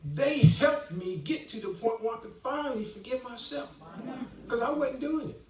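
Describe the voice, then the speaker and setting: A man's voice: extremely high pitch, normal speed. Man in his 60s telling his story in an echoey hall. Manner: animated storyteller acting out quoted dialogue. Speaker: guest speaker giving testimony. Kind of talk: church testimony storytelling. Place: church hall, live stream. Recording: echoey hall, distant mic.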